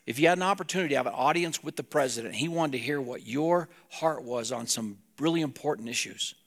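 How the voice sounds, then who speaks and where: A man's voice: medium pitch, fast talker. A man preaching a sermon as a pastor, talking plainly and directly to his congregation.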